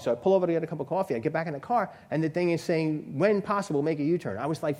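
A man delivers an informal sermon. He talks in a chatty, storytelling way, his fairly high voice climbing whenever he presses a point home. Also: darkish tone. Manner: conversational storytelling, rising pitch when stressing a point. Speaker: lay preacher. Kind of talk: informal sermon with personal stories.

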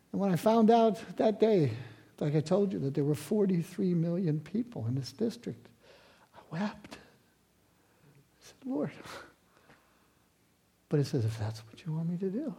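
A man in his sixties, a pastor preaching a sermon, moving from loud emphatic lines to hushed near-whispers. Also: high voice, very animated, moderate pace, long pauses, breathy edge.

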